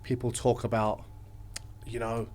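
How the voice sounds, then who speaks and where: A man talks as a guest on a podcast, rambling through his stories with animated energy. His voice sits in a middle pitch and swings from loud bursts to quiet stretches as he chats casually. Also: measured pace. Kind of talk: casual chat.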